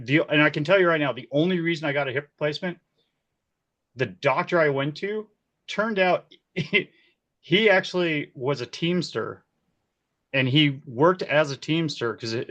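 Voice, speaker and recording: A man in his forties, a key grip, telling set stories in a casual interview, animated and quick to laugh. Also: medium pitch. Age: 40s. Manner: animated, laughs often, acts out quoted voices. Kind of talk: casual storytelling.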